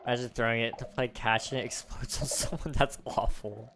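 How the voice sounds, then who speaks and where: Bright-voiced man rambling on a game stream. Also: mid-range voice, fairly even intonation, moderate pace, hardly any pauses, slight background noise. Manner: rambling, morbid joking, thinking aloud. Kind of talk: casual livestream chat while gaming.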